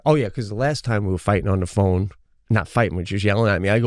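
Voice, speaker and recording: A man co-hosting a comedy podcast, telling a long story in a lively way, jumping into high-pitched voices when he quotes others and swearing casually. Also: quick pace, dry recording, clean studio sound. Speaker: podcast co-host.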